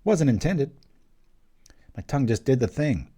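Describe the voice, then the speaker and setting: A young man hosting his channel, giving casual live commentary on a card game he is playing, thinking aloud with quick jokes and small exclamations. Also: medium pitch, sing-song, dark tone, husky.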